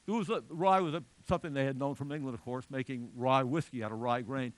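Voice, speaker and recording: A man's voice: mid-range voice, fairly even intonation, quick pace. A middle-aged man giving a public lecture in a chatty, digressive way with joking asides.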